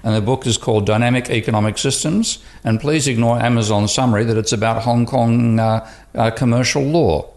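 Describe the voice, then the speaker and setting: A man's voice: medium pitch, brisk, hardly any pauses, darkish tone. A man speaking as an economics professor on a podcast, rambling and restarting often in casual chat.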